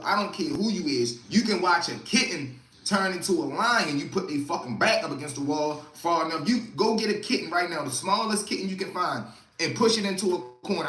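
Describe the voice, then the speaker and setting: A streetwise man hosts a casual livestream, telling stories from the street and calling out to viewers by name. His voice sits high and sounds bright and forward. An echoey room surrounds him. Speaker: livestream host.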